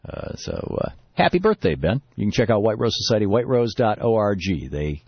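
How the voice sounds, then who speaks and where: Chatty radio host, low voice. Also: male voice, normal speed, breathy edge, dry recording. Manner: relaxed, chatty, laughs easily. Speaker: radio talk show host. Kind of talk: casual talk radio chat. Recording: dull lo-fi radio broadcast.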